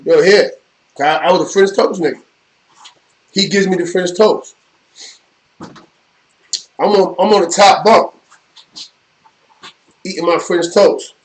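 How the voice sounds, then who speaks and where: High-voiced profane New storyteller. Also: male voice, poor audio. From New York. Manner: rambling, profane street storytelling with repeated "you know what I mean". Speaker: live stream host. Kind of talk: casual storytelling.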